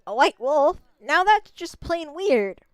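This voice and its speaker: A woman's voice: high voice, sing-song, slow, dry recording, studio quality, voice pushed up, exaggerated voice. A woman doing a scrappy bragging country boy. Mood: scoffing. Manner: cocky, scoffing, folksy.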